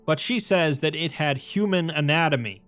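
Male narrator, slightly high voice, matter-of-fact scripted retelling, faint music bed. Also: normal speed, a bit bright. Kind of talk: scripted narration summarizing a story.

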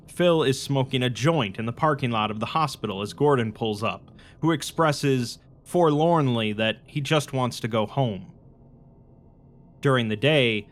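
A man giving a steady, matter-of-fact scripted narration that recaps a film's plot. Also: medium pitch. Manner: even, matter-of-fact retelling.

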